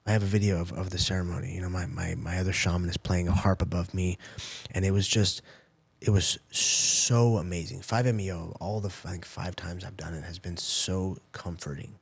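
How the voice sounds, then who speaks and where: A man's voice: sits low, fairly even intonation, fairly quick, gravelly, hardly any pauses, breathy edge. A man in his forties, a former fighter turned coach, telling candid, profane stories in an interview. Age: 40s. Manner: candid, profane, storytelling with quoted asides.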